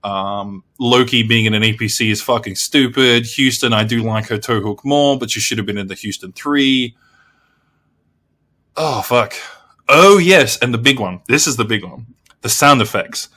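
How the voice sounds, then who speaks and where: A man's voice: mid-range voice, moderate pace, sharp tone. Sweary Australian man ranting about a game. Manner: heavy swearing, blunt and exasperated; rambling with frequent restarts. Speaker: gaming video creator. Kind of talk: casual game review rant.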